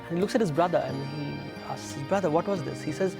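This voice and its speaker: A man's voice: a little high, fast, music in the background. A man with an Indian English accent, a mythologist explaining old stories with rhetorical questions and quoted dialogue. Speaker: mythologist guest. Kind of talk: explaining and retelling myths.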